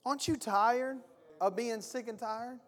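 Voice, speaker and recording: A man's voice: very high voice, steady tone, unhurried, fairly bright tone. Impassioned male pastor in echoing hall. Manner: impassioned, colloquial preaching. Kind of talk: sermon. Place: church hall with chairs. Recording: long hall reverb with faint guitar.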